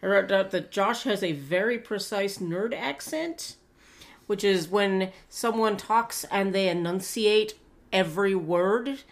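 A woman co-hosting a casual podcast chat, cutting in with quick, blunt remarks. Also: medium pitch, gravelly. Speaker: podcast co-host. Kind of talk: casual chat recapping TV shows.

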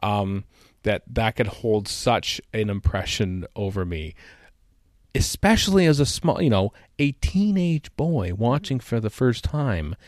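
A man's voice: lowish voice, sing-song, measured pace, a little mellow, dry recording, studio quality. A man co-hosting a podcast, chatting casually with a wry, laughing manner. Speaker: podcast co-host. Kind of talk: casual chat.

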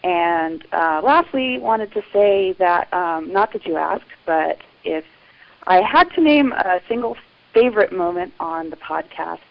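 A woman's voice: fairly low pitch, animated, measured pace, creaky. A woman caller leaving a chatty, rambling voicemail over a phone line. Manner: chatty, rambling with many ums. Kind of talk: voicemail message.

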